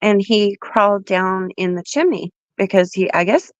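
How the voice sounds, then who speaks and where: A woman's voice: medium pitch, lively intonation, normal speed, dry recording, lo-fi sound. A woman calling in to a livestream with a groggy morning voice, talking in a rambling, hesitant way. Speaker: caller on a livestream. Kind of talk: casual call-in chat.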